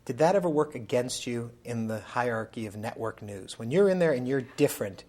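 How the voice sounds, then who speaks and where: An interviewer with a voice at a middle pitch asks the questions. The delivery is curious and prompting, drawing the guest out. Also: expressive, a little fast, mellow. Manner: curious, prompting, laughs along.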